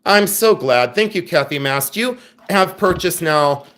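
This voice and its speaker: A man with a notably high voice talks his way through a live jewelry sale. He is middle-aged, chatty and playful, and thanks viewers by name while showing off pieces. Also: animated, measured pace, fairly bright tone. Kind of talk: live-stream selling chat.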